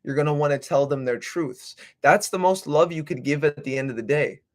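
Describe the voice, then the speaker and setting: A man's voice: a little high, a little fast. A young man hosting a livestream, rambling casually with swearing and slang. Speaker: livestream host.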